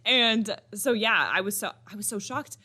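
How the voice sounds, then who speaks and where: A young woman chats on a podcast she co-hosts, her voice bright and forward. She tells stories with animation and breaks into laughter easily. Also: medium pitch. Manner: animated storyteller, quick to laugh. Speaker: podcast co-host. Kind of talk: casual chat.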